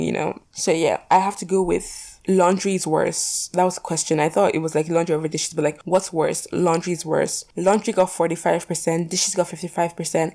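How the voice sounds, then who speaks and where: A young woman talks casually to her camera, working through poll questions in a rambling, filler-heavy way with the odd swear word. Her voice sits a little low, with a mellow, darker tone and plenty of gravelly fry. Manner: chatty, rambling, lots of "like" and "you know", swears casually. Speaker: vlogger.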